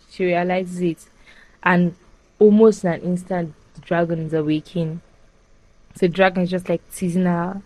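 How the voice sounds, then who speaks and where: A young woman casually retelling a film plot as a podcast host, animated and full of fillers. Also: lowish voice, moderate pace, no room sound, rough recording. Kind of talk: casual chat.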